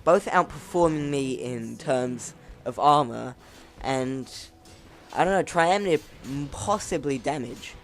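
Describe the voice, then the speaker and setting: Over soft background music, this man comments on his game at a slow pace in a mid-range voice. He wanders from thought to thought, laughs at himself, and his voice occasionally cracks in a self-mocking way.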